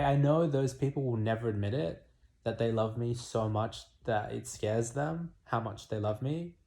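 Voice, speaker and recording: Young man, confessional vlog, dramatic, profane, shifting volume, middle pitch. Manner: dramatic, swearing, swings between murmurs and loud outbursts. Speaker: vlogger. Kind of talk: candid confessional monologue.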